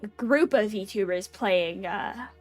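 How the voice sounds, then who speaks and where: A woman's voice: mid-range voice, takes it slowly, faint music behind. A young adult woman chatting casually on a live stream, rambling with lots of fillers and giggles. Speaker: VTuber streamer.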